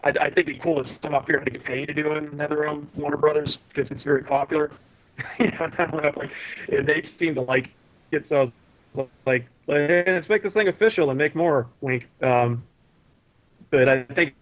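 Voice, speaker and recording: A man guesting on a casual podcast over a video call, telling stories in a rambling, animated way with lots of restarts. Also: fairly high pitch, moderate pace, muffled recording. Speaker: guest, cartoon creator.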